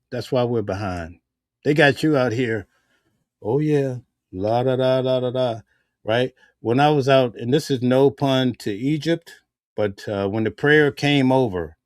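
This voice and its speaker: A man's voice: medium pitch, darkish tone, dry recording, clean studio sound. A man giving casual spoken commentary in a heated, preachy way, full of rhetorical questions. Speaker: vlogger.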